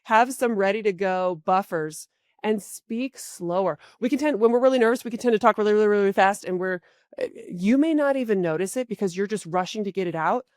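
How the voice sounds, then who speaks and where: A woman career coach hosting a podcast, giving casual advice in a chatty way with many fillers and sudden jumps in pitch and volume. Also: a little fast, dry recording, studio quality. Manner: animated, with big jumps in pitch and loudness; acts out short quoted exchanges.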